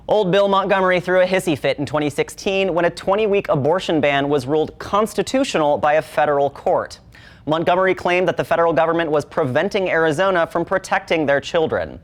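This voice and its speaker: A man anchoring a satirical local newscast, reading in a sardonic, editorializing way. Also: on the high side. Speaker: news anchor.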